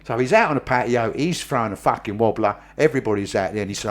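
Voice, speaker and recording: A man's voice: medium pitch, quick pace. A man telling a rambling story in casual chat, swearing and laughing as he goes.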